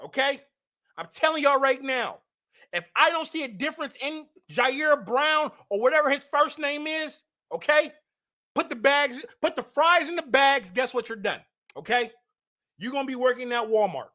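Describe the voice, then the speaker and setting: Lady ranting about her team, high pitched, blunt and heated, yells sometimes. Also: animated, moderate pace. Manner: blunt, heated, rising to shouts; repetitive, mocking trash talk. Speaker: football fan commentator. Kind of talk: ranting fan commentary.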